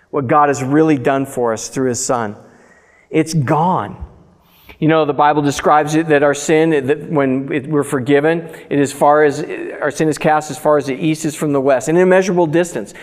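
A male pastor preaching a sermon, reading scripture aloud and breaking in with loose, conversational asides. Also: mid-range voice. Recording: reverberant hall.

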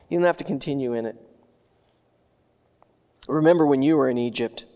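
A pastor delivers a sermon in a conversational, earnest way, repeating himself as he swings between loud declarations and hushed remembering. His voice is medium-pitched and a little fast, recorded in a hall with long reverb.

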